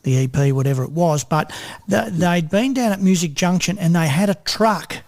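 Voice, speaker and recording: Man, high-pitched, host, short prompting questions. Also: normal speed, darkish tone. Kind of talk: casual interview.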